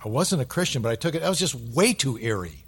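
Middle-aged male pastor, sermon delivery, emphatic peaks and soft low asides. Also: big pitch swings, fast talker, creaky, husky. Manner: swings from loud emphatic bursts to hushed low asides.

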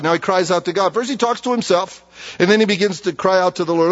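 A middle-aged man preaching a sermon with humor, acting out conversations with himself in an animated way. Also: high voice, fast talker, lo-fi sound. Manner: animated, humorous, acts out inner dialogue. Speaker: pastor.

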